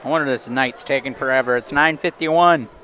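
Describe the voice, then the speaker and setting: A man's voice: medium pitch, brisk, bright, forceful tone, a little hiss or hum. A young man doing casual color commentary at a wrestling match, joking wryly and grumbling about the long night. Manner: wry, joking, drawling complaints. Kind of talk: casual live sports commentary.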